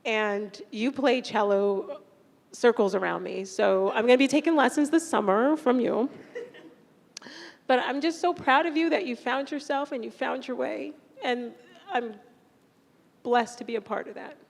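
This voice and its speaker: A woman's voice: fairly high pitch, unhurried, vocal fry. A young woman teacher giving an emotional, fond farewell speech to her graduating students, holding back tears and laughing between lines. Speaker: orchestra teacher. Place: large concert hall. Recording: echoey hall reverb.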